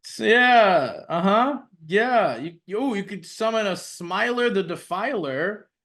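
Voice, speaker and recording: Male co-host, fairly high voice, stop-start delivery, casual tabletop chat. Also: expressive, a bit bright. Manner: halting, restarts and repeats while looking up rules.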